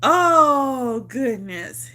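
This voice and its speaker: A woman chatting on her vlog in a bright, forceful, fairly high voice. She is emphatic and repetitive, swears freely and laughs often as she tells her own story. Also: animated, extremely slow, a little hiss or hum. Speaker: vlogger on a livestream. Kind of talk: casual storytelling chat.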